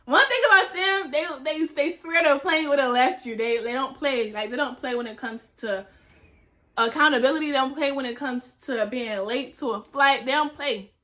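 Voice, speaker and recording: A young woman chats through a long personal story with a high, bright, lively voice. She repeats phrases for emphasis and slips into other people's voices as she acts out the scene. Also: normal speed. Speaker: vlogger, flight attendant. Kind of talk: casual storytelling.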